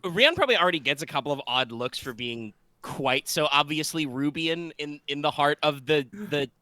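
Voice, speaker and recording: Lively, very bright game master man. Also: fairly high pitch, moderate pace, no room sound. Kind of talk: running a tabletop game.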